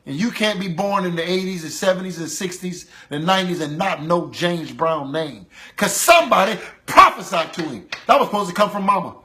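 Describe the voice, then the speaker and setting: A male preacher delivers an impassioned sermon. His voice sits high and rings bright, rising to loud calls and sinking to low, urgent passages. He drives his points home with rhythmic repetition. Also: lively intonation, brisk, few pauses.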